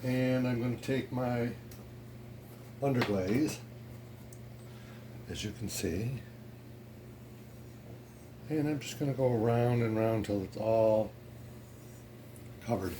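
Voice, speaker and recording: A man teaching a ceramics how-to in a pottery studio, relaxed and chatty with many fillers. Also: mid-range voice, slow, pauses often, noisy background. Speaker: ceramics instructor. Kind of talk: casual how-to demonstration.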